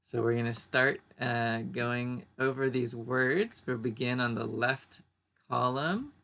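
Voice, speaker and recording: A man leads an English pronunciation lesson at a very slow, deliberate pace. He says each word twice so learners can copy it. His voice has a gravelly, creaky edge. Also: mid-range voice, bright, forceful tone. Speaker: English teacher.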